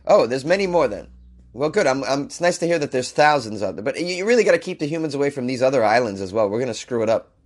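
A man hosting a podcast with a hoarse, sick voice, riffing sarcastically and with exasperation on weird news stories. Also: medium pitch. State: hoarse from illness. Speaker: podcast host. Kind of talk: comedic weird-news commentary.

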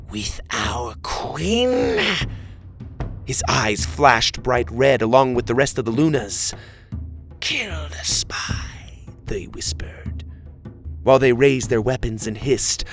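A man narrating a children's adventure story in the first person, with expressive storytelling. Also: mid-range voice. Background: faint music.

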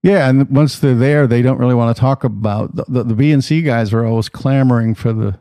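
A man with a mellow, dark voice telling easygoing stories about his life in music. He talks casually and with animation, in a dry room with little reverb. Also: medium pitch, a little fast. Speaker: musician guest. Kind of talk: conversational storytelling.

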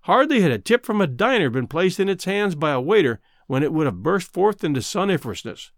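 A man narrating a classic short story aloud, with a wry, expressive delivery. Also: high voice, brisk, no room sound, clean studio sound. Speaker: audiobook narrator. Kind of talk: storybook reading.

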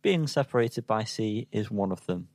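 A man's voice: lowish voice, lively intonation, moderate pace, a little mellow, no echo. A man co-hosting a casual music podcast, teasing and wry. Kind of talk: casual chat.

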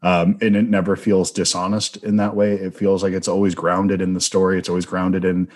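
Deep-voiced, reflective male interviewer. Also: flat delivery, brisk. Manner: thoughtful, rambling, reflective. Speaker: film interviewer, host. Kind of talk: conversational interview.

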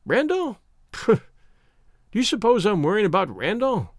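A proud, hot-tempered young woman in a storybook, scolding imperiously with a high, lively voice, as a male reader voices her. It is recorded dry and close. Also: unhurried, no echo, heavily acted. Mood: scornful. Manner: imperious, scornful.

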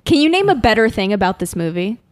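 A woman's voice: medium pitch, big pitch swings, fast talker. A woman in a casual movie discussion, blunt and outspoken, swearing freely. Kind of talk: casual chat.

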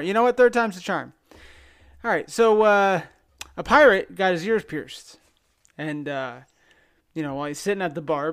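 Chatty man with a clear voice. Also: sits high, fairly bright tone. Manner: rambling, joke-telling, chatty. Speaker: podcast host. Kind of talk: casual chat.

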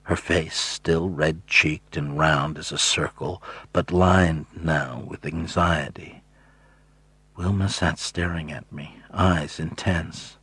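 A man reading a novel aloud in the first person, in a measured storytelling manner. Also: rumbling low, steady tone, fairly bright tone, slightly rough, no room sound. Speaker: audiobook narrator.

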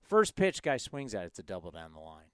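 A man in his fifties hosting a sports talk show, excitable and self-mocking as he tells stories. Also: lowish voice, fast, smooth, no room sound, clean studio sound. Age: 50s. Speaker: sports radio host.

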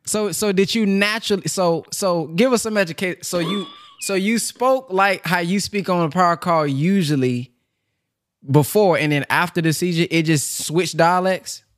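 A man hosting a call-in program, talking in an animated, enthusiastic, casual way with slang. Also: sits high, moderate pace, dry recording. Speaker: host.

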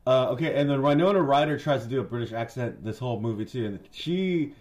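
A man with a mid-range voice co-hosts a relaxed movie review chat. He lays out the story step by step and gives blunt, profane opinions on the acting. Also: mid-range voice, quick pace. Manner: recaps the plot, blunt and profane. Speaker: podcast co-host.

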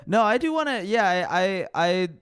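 A man, a comedian, chatting casually on a podcast, talking in halting restarts with swearing. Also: sits high, sing-song, a bit bright. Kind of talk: casual chat.

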